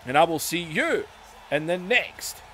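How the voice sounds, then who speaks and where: A man hosting a gaming video, giving excited wrestling-style play-by-play that bursts into shouts. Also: fairly high pitch, measured pace, a little hiss or hum. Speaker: YouTube gaming host.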